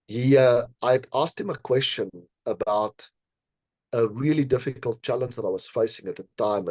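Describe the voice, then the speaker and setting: A man being interviewed on a podcast, telling a personal story in an earnest, measured way, with frequent fillers and small laughs. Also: medium pitch, dark tone, no echo. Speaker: podcast guest, decision scientist.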